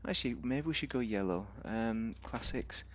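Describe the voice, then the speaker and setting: A man's voice: mid-range voice, lively intonation, normal speed, fairly bright tone, highs cut off, slight background noise. A man giving rambling, casual commentary on a game, thinking aloud with fillers and restarts. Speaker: game reviewer.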